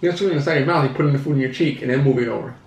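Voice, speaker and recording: A vlogger's partner, a man with a gravelly mid-range voice, talks in rapid-fire bursts at home indoors, teasing and lecturing his partner in casual conversation. The room is echoey, with faint background noise.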